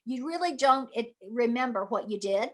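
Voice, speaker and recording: A woman's voice: fairly high pitch, expressive, normal speed, fairly bright tone. A middle-aged actress telling a story in an interview, acting out her own past voice and reactions. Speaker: guest actress.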